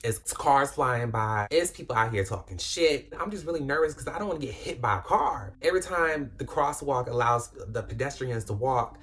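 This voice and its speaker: A woman's voice: extremely low pitch, lively intonation, moderate pace, few pauses, fairly bright tone. Dramatic, foul-mouthed young woman storyteller. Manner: dramatic, swears freely, self-mocking. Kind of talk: casual storytime.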